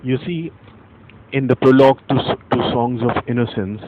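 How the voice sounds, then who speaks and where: Patient male teacher, mid-pitched, lecturing deliberately; thin phone-line sound, faint traffic behind. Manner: patient, repeats points and reads verse slowly with stressed syllables. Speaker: English literature teacher. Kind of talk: explanatory lecture.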